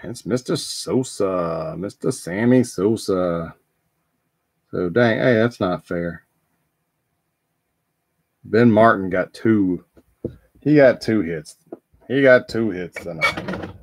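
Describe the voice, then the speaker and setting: A man's voice: fairly low pitch, slow pace, pauses often, dry recording, clean studio sound. A man hosting a live trading card break, talking casually and rambling with frequent ums and restarts.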